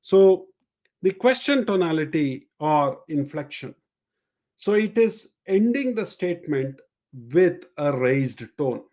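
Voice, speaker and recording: A man's voice: fairly high pitch, lively intonation, slow pace, dark tone. A man coaching in a live-streamed lesson, explaining and demonstrating ways of speaking, often repeating his main points. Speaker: sales and communication coach. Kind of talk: live-streamed teaching session.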